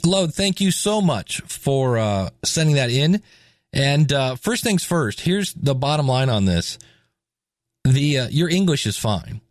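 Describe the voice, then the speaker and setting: A man's voice: medium pitch, unhurried, dry recording, clean studio sound. Chatty American man hosting a podcast. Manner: animated, chatty, joking. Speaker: podcast host. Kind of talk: casual podcast commentary.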